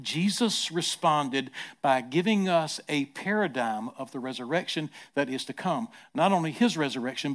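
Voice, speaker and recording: A middle-aged man preaching a sermon as pastor, swinging from quiet, soft passages to loud, emphatic ones and repeating words as he builds. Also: on the high side.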